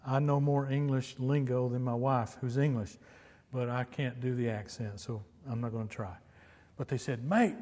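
A man's voice: mid-range voice, darkish tone, in a large hall. A man from Texas, preaching a sermon with emphatic repetition and storytelling.

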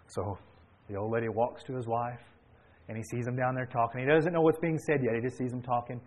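A man preaching a sermon and retelling a story, swinging between hushed and emphatic delivery. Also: mid-range voice, fairly even intonation, fast, a little hiss or hum, low-quality recording.

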